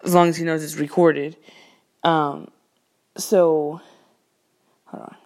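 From her home, a woman with a deep, slow voice tells a casual storytime about a run-in with her neighbor. She's indignant and animated, her account full of slang and swearing.

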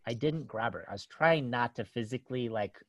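A man's voice: medium pitch, brisk, no echo. Rambling man telling a family story. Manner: rambling, many fillers and restarts, laughs often. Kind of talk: casual storytelling.

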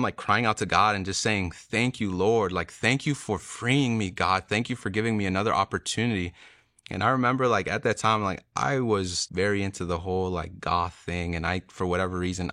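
Earnest young man with a low voice. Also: pushed and bright, dry recording, clean studio sound. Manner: earnest, emotional retelling with many "like" fillers. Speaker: testimony speaker. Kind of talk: personal testimony storytelling.

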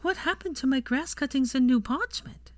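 A woman's voice: high-pitched, no echo, voice pushed up, natural voice. A woman voicing a bossy, witty young woman who teases and scolds with a dry, sarcastic edge. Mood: bright, teasing. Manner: brisk, teasing, sarcastic.

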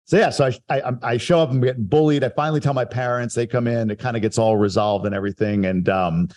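A man's voice: medium pitch, steady tone, fast, a little mellow. A man from Long Island telling stories about his childhood in a casual, reflective and self-deprecating way on a podcast. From Long Island, New York. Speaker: guest telling his life story.

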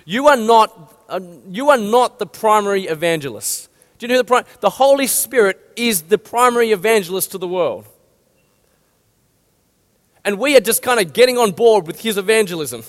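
A man's voice: sits high, animated, normal speed. A man, preaching an earnest, direct sermon. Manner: earnest, direct, rallying exhortations. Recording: long hall reverb.

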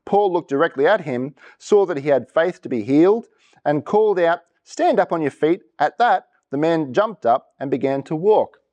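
Lively man preaching interactively. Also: on the high side, moderate pace, lo-fi sound. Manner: lively, asks congregation for reactions. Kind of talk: interactive sermon. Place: church.

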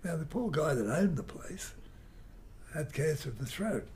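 An older man telling a rambling, animated story in an interview. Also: a little high, normal speed, slight background noise. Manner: rambling, animated storyteller who mimics guitar sounds. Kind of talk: reminiscing anecdote.

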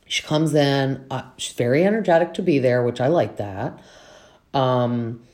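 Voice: medium pitch, a little slow, darkish tone. Chatty, opinionated podcast host. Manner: chatty and opinionated, with many "like" fillers. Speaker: podcast host recapping reality TV. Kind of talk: casual chat.

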